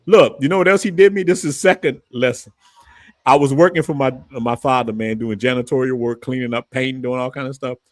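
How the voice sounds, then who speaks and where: A man's voice: mid-range voice, brisk, no room sound. A man, hosting his channel and telling stories in casual chat, his voice rising as he acts out quotes. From New Orleans, Louisiana. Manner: animated storytelling, voice rising when quoting his father. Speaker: channel host.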